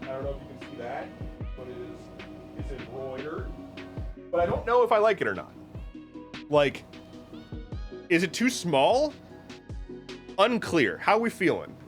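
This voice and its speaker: An American man chats casually on a stream, rambling and joking with lots of restarts and swearing. His voice is a little high and sing-song, a little slow with long pauses, and faint music plays behind him.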